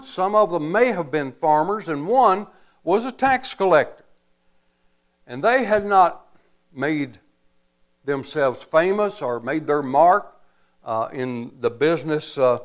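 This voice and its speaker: A man preaching a sermon as pastor, slow and emphatic, pausing often and adding folksy asides. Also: high voice, animated.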